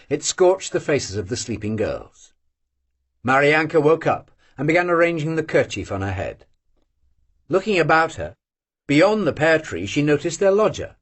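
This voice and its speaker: An audiobook reader narrating a classic novel unabridged, in a slow, measured voice that drops low between lines of dialogue. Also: slightly rough.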